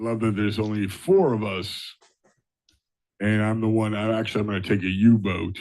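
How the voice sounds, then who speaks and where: A man's voice: fairly low pitch, normal speed, darkish tone. A man co-hosting a podcast, rambling through absurd jokes in comedic banter. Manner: rambling, absurd non sequiturs. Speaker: podcast co-host.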